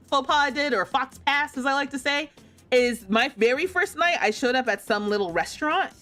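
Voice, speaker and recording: This young American woman has a high-pitched voice with a sharp tone. While streaming a game, she casually tells a travel story, laughing often and acting out the voices of the people she quotes.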